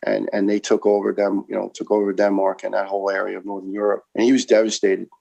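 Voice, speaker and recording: Speaking fast in a lowish monotone with vocal fry and a slightly mellow tone, a former first responder from Brooklyn, now middle-aged, answers questions in an earnest, impassioned conversational interview. He repeats words to build his points, and the recording is poor.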